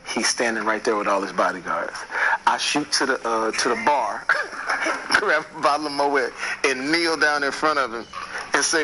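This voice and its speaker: A man at a middle pitch tells a rambling, profane anecdote as an interview guest. He speaks animatedly and colorfully, and loud noise hisses under the recording. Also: normal speed. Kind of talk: storytelling interview.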